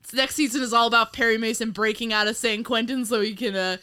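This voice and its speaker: A woman's voice: a little high, steady tone, fast, pushed and bright, clean tone. A woman co-hosting a casual chat about an old TV show, rambling and giggling often. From United States. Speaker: podcast co-host.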